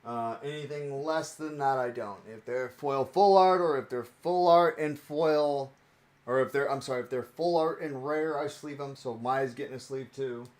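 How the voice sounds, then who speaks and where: A man's voice: medium pitch, normal speed, darkish tone. A young man chatting casually on a stream while opening trading cards, rambling and playful and laughing often.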